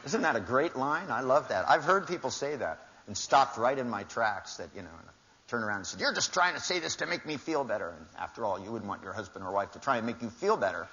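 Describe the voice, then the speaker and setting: In a dull, lo-fi recording of a live talk, an older man addresses a crowded large hall at a quick clip. His voice sits on the low side and is fairly bright, with lively intonation as he spins wry anecdotes and performs the dialogue in changing voices.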